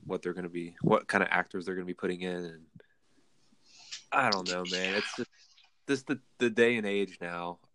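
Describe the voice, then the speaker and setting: A man's voice: deep voice, steady tone, moderate pace, pushed and bright, a little hiss or hum. A man joking around in a laid-back way as a podcast guest. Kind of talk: casual chat.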